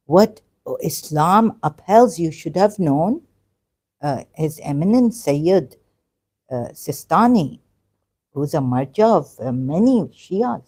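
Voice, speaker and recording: A woman hosts a livestream, her voice somewhat low and mellow. She talks haltingly, with fillers and quick apologies, then presses her argument with pointed rhetorical questions. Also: expressive. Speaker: livestream host. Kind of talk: casual live-stream talk on religion.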